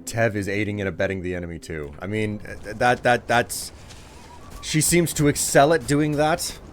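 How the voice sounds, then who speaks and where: A man's voice: lowish voice, moderate pace, a little hiss or hum. A man streaming a game live, chatting casually with viewers, thanking them for gifts and sounding exasperated at their requests.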